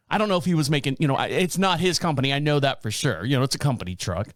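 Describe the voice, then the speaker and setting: A man in his fifties hosting a casual chat show, telling stories in an animated way, swearing and laughing often. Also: medium pitch, very fast, few pauses, dry recording, studio quality. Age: 50s. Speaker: podcast host.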